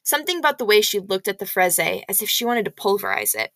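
A woman reading a novel aloud in expressive first-person storytelling. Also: medium pitch, fast, no echo.

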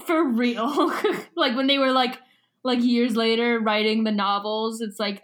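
A woman's voice: a little high, measured pace. A young adult woman co-hosting a podcast, chatting casually about a book and laughing as she retells scenes. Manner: animated, giggly, retells scenes in voices. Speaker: podcast co-host.

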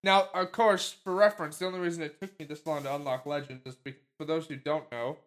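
A man's voice: a little high, steady tone, quick pace, a bit bright. A man co-hosting a podcast in casual chat, rambling with many fillers and restarts. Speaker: podcast co-host.

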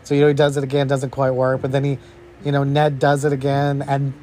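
A man hosting a podcast, giving a casual, excited movie review, rambling with lots of "bro" and "you know". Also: fairly high pitch, normal speed, soft background music. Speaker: podcast host reviewing a film.

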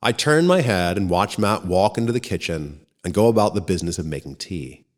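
Low-voiced man reading a story. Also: expressive, brisk. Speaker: narrator. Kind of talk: first-person story reading. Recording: long reverb.

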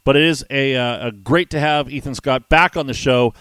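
A man hosting a wrestling podcast and chatting casually, rambling quickly with self-deprecating asides. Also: mid-range voice, fairly bright tone, clear, resonant tone, no echo. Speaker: podcast host and wrestling ring announcer.

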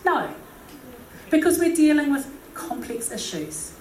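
A woman's voice: high-pitched, sing-song, unhurried, a little hiss or hum. A woman preaching a humorous sermon, chatty and joking with many asides, recorded from a distant mic in an echoey hall.

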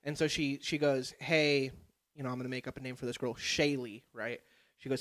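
A man's voice: mid-range voice, fairly even intonation, a little fast, fairly bright tone. A young man hosting a podcast, telling a story in casual chat and swearing freely. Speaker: podcast host.

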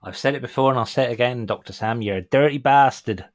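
A British man hosting a music podcast, joking and swearing in a casual, deadpan way. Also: medium pitch, fast, dry recording. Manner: jokey, sweary, deadpan disclaimers. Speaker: podcast host. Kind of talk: casual chat.

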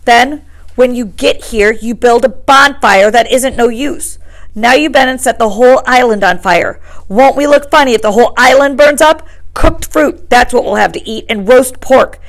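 A woman reading aloud and voicing an anxious, indignant plump schoolboy who scolds in a shrill, breathless way. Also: normal speed, vocal fry, fairly bright tone.

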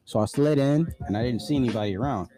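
A man's voice: medium pitch, fast, warm tone. A man casually telling a personal story, blunt and profane, full of "like" fillers.

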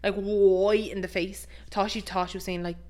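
A young Irish woman co-hosting a podcast, telling family stories in a chatty way with lively impressions and plenty of "like". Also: mid-range voice, normal speed. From Ireland. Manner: chatty storyteller, animated impressions, lots of "like". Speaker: podcast co-host. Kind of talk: casual chat.

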